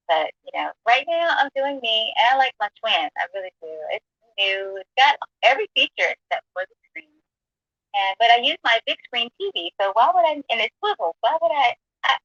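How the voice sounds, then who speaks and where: Animated, bright-voiced woman chatting. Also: a little high, husky, no echo, lo-fi sound. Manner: lively, joking, laughs often. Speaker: chat room participant. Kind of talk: casual chat.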